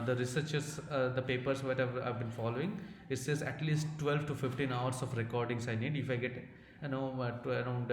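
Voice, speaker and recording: A man with an Indian accent presents a technical talk at a conference, pausing often on fillers and restarting sentences. His voice sits at an ordinary middle pitch. The sound is roomy with a long hall reverb and a faint hiss underneath. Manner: halting, many fillers and restarts. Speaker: conference speaker. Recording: echoey hall with faint noise.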